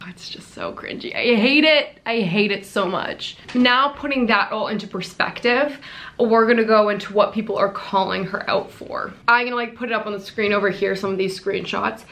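A young woman talks straight to her viewers in casual commentary. She is blunt and exasperated, and she swears freely. Her voice sits at an ordinary middle pitch. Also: moderate pace, fairly bright tone. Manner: blunt, profane, exasperated ranting. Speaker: commentary YouTuber.

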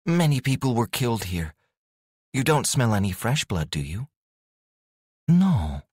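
A man's voice: medium pitch, very animated, a little slow, a little mellow, slightly rough, no room sound, clean studio sound, voice pushed up. A man voicing a young woman witch in a fantasy audiobook, anxious but determined, speaking urgently.

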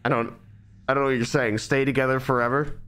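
A man's voice: mid-range voice, flat delivery, fast talker, a bit bright, clean tone. A man giving live, nervous, rambling commentary while streaming a game.

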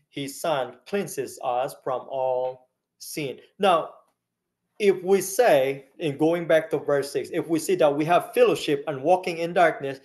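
Guy pastor w a teaching a sermon, slow n steady, kinda high voice, keeps asking the crowd stuff. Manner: teaching Bible study, questions the congregation.

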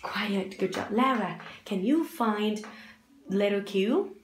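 A young woman leads a children's English lesson at an unhurried pace. She is patient and encouraging throughout. Her voice comes over a video call from a roomy, echoing space with a faint hiss behind it. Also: mid-range voice, lively intonation. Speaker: English teacher. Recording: echoey room, faint noise.

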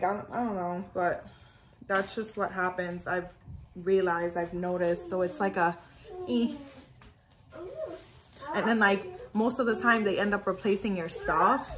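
A woman's voice: fairly high pitch, fairly bright tone. A woman chatting casually in a cooking vlog, rambling with lots of fillers while she makes food at home. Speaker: vlogger.

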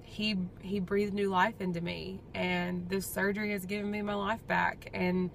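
A woman's voice: medium pitch, little pitch movement, normal speed, vocal fry, a little hiss or hum. A young woman, talking through a casual personal update vlog in a chatty, rambling, heartfelt way. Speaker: vlogger.

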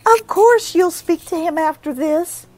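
A woman's voice: very high voice, unhurried, darkish tone, no room sound, soft background music, pitched above the performer's own voice. A woman voicing a breathless young girl gushing over romance.

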